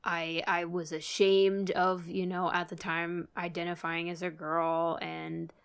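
A woman's voice: lowish voice, flat delivery, a little slow, gravelly, clear, resonant tone. A young woman co-hosting a podcast, chatting casually and gushing with giggles, swearing now and then. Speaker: podcast co-host. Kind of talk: casual chat.

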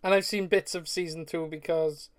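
A co-host on a casual podcast, speaking at a mid pitch in an everyday voice. They keep chiming in with quick jokes and pop-culture references. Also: fairly even intonation. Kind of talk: casual chat.

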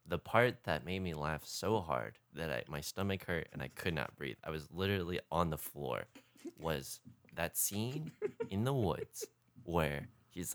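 A woman co-host in a loose movie chat, circling her point with fillers and restarts. Her pitch rises and falls a lot as she goes, never quite settling. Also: animated, measured pace. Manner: rambling, many fillers and restarts. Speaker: podcast co-host.

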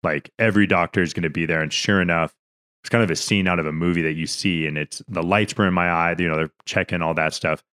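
His deep voice is clear and resonant, pushed and bright, with fairly even intonation and a quick pace. The young man, a podcast co-host, earnestly tells a rambling, emotional story with frequent restarts, near tears, in casual conversation.

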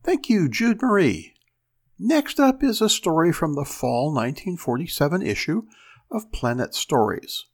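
A man hosting a reading show, introducing pieces and reading a story aloud with expressive delivery. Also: on the high side, unhurried. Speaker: host and reader.

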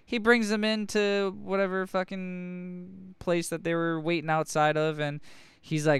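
Man, podcast co-host, casual comic review chat, rambling, profane, smooth clear voice, dry close mic. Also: high-pitched, flat delivery, measured pace, no room sound.

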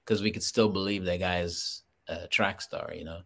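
Low-voiced Trinidadian man telling stories. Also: normal speed, creaky. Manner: laughing, animated storytelling. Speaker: guest actor. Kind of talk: casual podcast chat.

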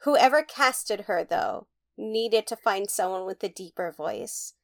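A woman's voice: medium pitch, slow. A woman co-hosting a casual fan podcast, explaining points in a wry, easygoing way. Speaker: podcast co-host.

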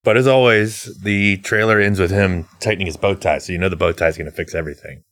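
Low-voiced man riffing jokes. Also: fairly even intonation, fast talker, a bit bright. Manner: jokey, riffing on absurd ideas. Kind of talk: casual comedic chat.

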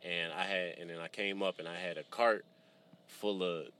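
A man's voice: low voice, fairly even intonation, normal speed, pushed and bright, smooth. A man hosting a casual podcast chat, telling stories loosely with lots of swearing and restarts. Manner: loose, profane storytelling with frequent restarts. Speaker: podcast host.

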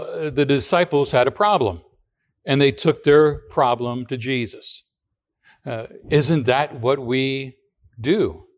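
A man giving a radio sermon as pastor, talking in a conversational way with rhetorical questions and frequent restarts. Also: mid-range voice.

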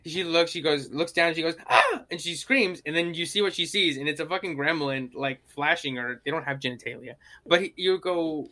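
A young man in casual chat, telling stories in an animated way and acting out the quotes. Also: a little high, fairly quick, hardly any pauses. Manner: animated storytelling, acts out quotes.

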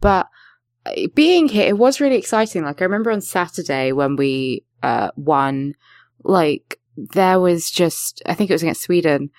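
A young woman from England hosting a casual podcast chat, animated, swearing freely and laughing often. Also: on the low side, moderate pace, dry recording, studio quality. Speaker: podcast host.

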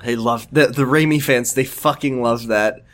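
A man's voice: mid-range voice, steady tone, normal speed. A man co-hosting a comedy podcast, reading fanfiction aloud and breaking off for joking side comments. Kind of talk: comedic dramatic reading with banter.

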